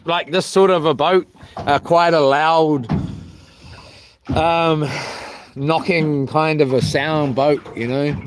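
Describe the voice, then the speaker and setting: A man's voice: on the high side, fairly even intonation, takes it slowly, long pauses, noisy background. A man, rambling and joking to his live chat from a small boat while fishing, with lots of ums. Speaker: fishing livestreamer.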